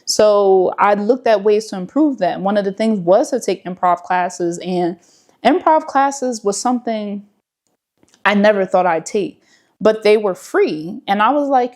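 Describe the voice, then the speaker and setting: A woman YouTuber sitting in front of her camera, chatting casually and relaxed with slang and fillers as she gives advice. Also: medium pitch, unhurried.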